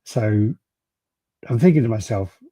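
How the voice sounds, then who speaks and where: British man, podcast co-host, casual storyteller, mellow voice, a bit husky. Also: fairly low pitch, expressive, measured pace, no echo. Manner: storytelling, swears freely, laughs often. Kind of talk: casual chat.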